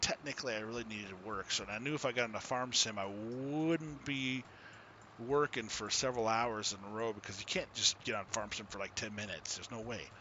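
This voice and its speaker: A man chatting casually with viewers while he streams a farming game, easygoing and quick to laugh. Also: fairly low pitch, pushed and bright, lo-fi sound, a little hiss or hum. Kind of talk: casual live-stream chat.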